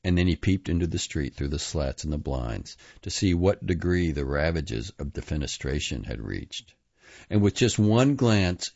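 A man with a very low, deep voice reads literary prose in a slow, grave, measured way. The recording is dry and a little dull, with no room sound. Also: darkish tone, no echo. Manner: measured, grave reading with small restarts on long words. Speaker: reader. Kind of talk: literary audiobook reading.

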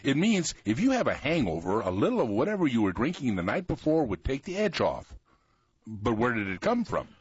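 A man's voice: mid-range voice, wildly swooping pitch, fairly quick, husky, dry recording. A man telling exaggerated tall tales and explaining sayings in a hearty storytelling manner. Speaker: storyteller and co-host. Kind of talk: folksy tall-tale storytelling. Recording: dull lo-fi recording, dry.

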